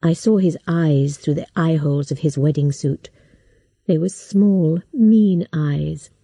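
Slow, calm woman storyteller. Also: sits low, creaky, husky, dry recording. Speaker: narrator. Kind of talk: scripted audiobook narration.

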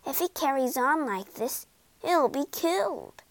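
A woman's voice: high-pitched, animated, a little slow, no echo, pitched above the performer's own voice. A woman voicing a loyal, anxious male water rat who talks with worry. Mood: worried.

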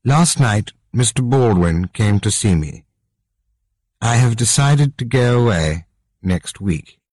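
A man reading an audiobook, voicing a grave, resolute king in earnest, measured dialogue. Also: medium pitch, animated, a little mellow, no room sound, voice pushed up.

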